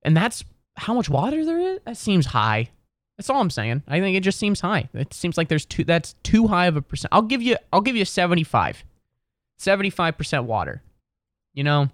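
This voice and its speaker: A man's voice: high voice, big pitch swings, normal speed, fairly bright tone, no room sound. A young man sitting at home in a chair, musing aloud in a meandering, wry comedic monologue full of restarts and self-corrections. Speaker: solo vlogger.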